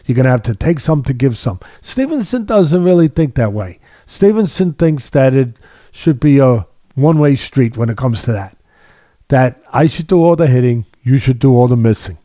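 A man's voice: mid-range voice, lively intonation, normal speed, warm tone, no echo, clean studio sound. A man hosting a casual sports talk podcast as a boxing analyst. He talks emphatically, repeating phrases for stress, with a sardonic edge and long analogies.

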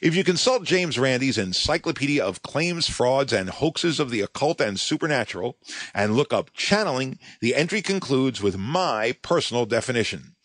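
A man's voice: medium pitch, a bit bright, no echo. Sarcastic guy telling a story on his show, voice jumps around a lot, dry mic. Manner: sardonic, mocking storyteller. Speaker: podcast host. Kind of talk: scripted monologue.

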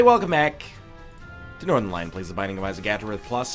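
A man with a mid-range, slightly bright voice gives quick-paced let's play commentary, his pitch swinging hugely, with faint music behind him. He sounds congested and nasal, joking around and rambling off on tangents as the gaming YouTuber plays.

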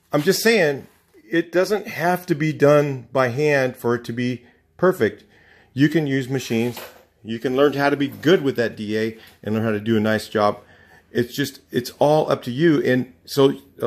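A man who used to paint cars, talking casually to the camera in a blunt, opinionated way and telling rambling stories full of restarts. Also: mid-range voice. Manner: rambling storytelling with many restarts. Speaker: garage channel host, former auto painter.

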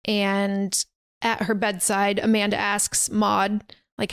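A woman's voice: medium pitch, monotone, slow pace, clean tone, no echo. A woman hosting a podcast, casually retelling a horror film's plot in a chatty way with many fillers and restarts. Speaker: podcast host. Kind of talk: casual movie recap.

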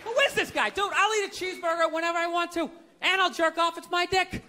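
A man's voice: extremely high pitch, background noise. A man doing stand-up comedy, ranting in a profane, incredulous way before a live audience. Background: audience laughter.

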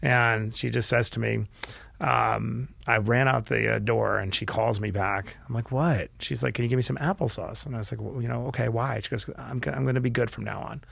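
A middle-aged man, a podcast guest, telling a candid personal story earnestly and with feeling, often restarting his sentences and dropping his voice quietly. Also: medium pitch, fairly even intonation, fairly quick, vocal fry, slightly rough, no echo. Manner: earnest and emotional, with frequent restarts and quiet dips.

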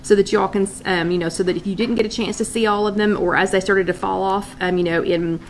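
A woman's voice: medium pitch, steady tone, fast, slight background noise. Chatty woman hosting a livestream. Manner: chatty, greets viewers by name, thinks aloud. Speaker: host of a live wellness chat. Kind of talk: casual livestream chat reading comments. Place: her loft at home.

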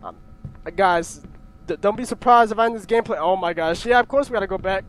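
A man's voice: high-pitched, fast talker. A young man nervously commentating a horror game, jumpy, often swearing and yelping. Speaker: gaming YouTuber.

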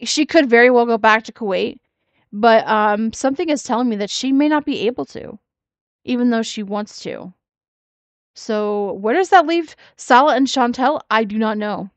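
A woman's voice: on the high side, moderate pace, dry recording. A woman giving sassy, mocking reaction commentary on another creator's video. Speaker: commentary YouTuber.

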